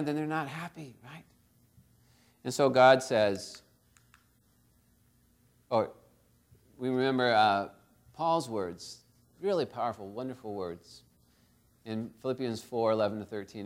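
A man's voice: mid-range voice, normal speed, long pauses. A middle-aged man preaching a conversational sermon, often checking in with "right?" and acting out the quotes he tells. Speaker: pastor.

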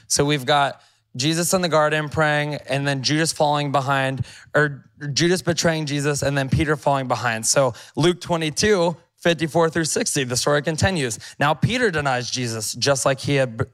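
A man's voice: a little high, moderate pace, fairly bright tone. A male pastor preaching a sermon, reading scripture aloud and commenting on it in a conversational, emphatic way.

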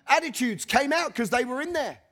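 An extremely high-pitched middle-aged preacher moves briskly through his sermon. Reading scripture with conversational asides, he chuckles between points and animatedly leads the congregation in call-and-response over and over.

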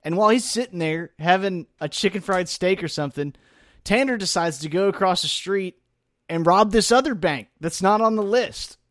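A man's voice: high-pitched, normal speed, no echo, clean studio sound. A man recapping a movie in casual chat, acting out characters' lines as he tells the story. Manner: animated retelling, acts out lines with a raised voice. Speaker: podcast co-host.

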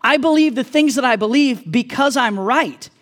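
A male pastor giving a sermon in an animated, joking, conversational way. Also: very high-pitched, normal speed.

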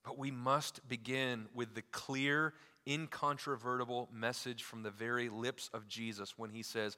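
A male pastor delivers a sermon with a bright, forceful voice that carries through a big echoing sanctuary. He pushes hard on key phrases, then drops nearly to a hush, and slips into loose, chatty asides. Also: mid-range voice, fairly even intonation, unhurried. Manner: emphatic preaching with wide swings in loudness, dropping to near-quiet for key lines; casual asides with fillers like "like" and "you know".

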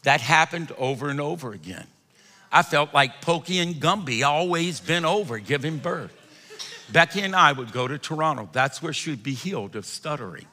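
A man preaching with animated storytelling, laughing and rising to shouts. His voice is high and very bright, and a long reverb trails behind it in a large hall. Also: normal speed. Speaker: pastor. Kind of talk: sermon.

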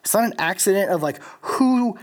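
A young Louisiana man leading a college ministry preaches to a live group in a casual, rambling sermon full of stories, filler words and restarts. His voice is high, with lively intonation at normal speed.

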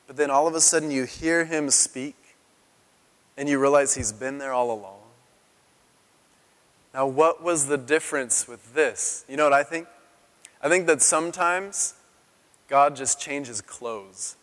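A man in his thirties preaching a sermon as a pastor, telling the story in an animated way and acting out the quotes in a raised voice. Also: medium pitch, unhurried, pauses often. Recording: long hall reverb.

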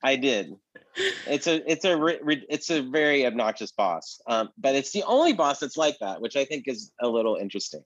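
A man's voice: mid-range voice, sing-song, fairly quick, no echo, lo-fi sound. A man co-hosting a casual chat about video games, rambling with many fillers and restarts. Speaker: podcast co-host. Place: apartment.

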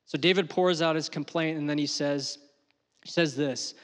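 A middle-aged man preaches in a fairly high voice. His delivery climbs to loud, impassioned peaks and then falls back to hushed, gentle lines. A long reverb trails every phrase, as in a large sanctuary. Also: fairly even intonation, normal speed. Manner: rises to loud emotional peaks, then drops to soft. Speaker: pastor. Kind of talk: sermon.

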